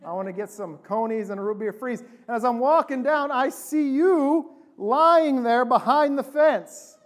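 A man, a pastor, preaching a sermon and telling a story with lively acted-out voices. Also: extremely high pitch, unhurried. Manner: animated storytelling, acting out quoted voices.

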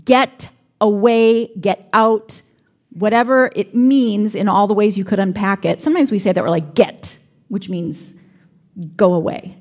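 A woman's voice: mid-range voice, steady tone, a little slow, a little mellow. A woman preaching a sermon, reflective, sometimes acting out the lines she quotes.

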